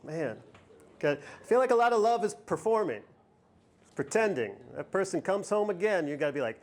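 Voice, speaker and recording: A man's voice: high voice, very animated, fairly quick, noisy background. A man performing a standup routine, sardonic and self-deprecating, firing off rhetorical questions. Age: 40s. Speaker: standup comedian. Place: live comedy venue with audience. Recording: live club recording, audience laughter. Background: crowd laughter.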